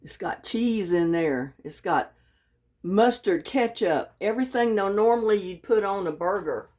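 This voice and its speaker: A woman's voice: medium pitch, animated, a little slow, darkish tone, far from the mic. A woman talking through a home cooking video in a folksy, chatty way, speaking straight to her viewers. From Texas. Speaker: home cook. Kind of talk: casual cooking vlog.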